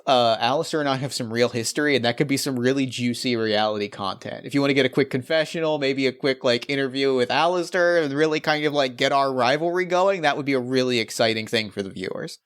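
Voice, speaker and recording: A man's voice: mid-range voice, fairly quick, hardly any pauses, natural voice. A man voicing a brash male punk-rock antique dealer, eagerly playing up a rivalry for the camera. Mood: scheming.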